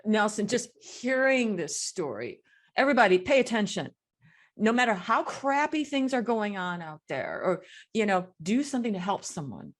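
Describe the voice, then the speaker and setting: A woman's voice: mid-range voice, big pitch swings, moderate pace. A woman host of an interview, enthusiastic and effusive.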